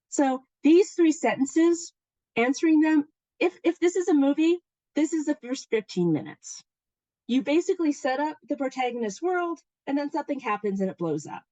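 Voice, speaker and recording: A woman leading a workshop, telling a story in an animated, chatty way with fillers and restarts. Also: a little high, no echo, lo-fi sound. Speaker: workshop presenter. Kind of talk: informal workshop talk.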